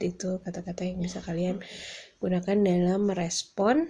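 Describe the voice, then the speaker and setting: A woman teaching an online English lesson, slow and hesitant with many fillers. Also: on the low side, level tone, mellow, slightly rough. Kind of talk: online lesson explanation mixing Indonesian and English.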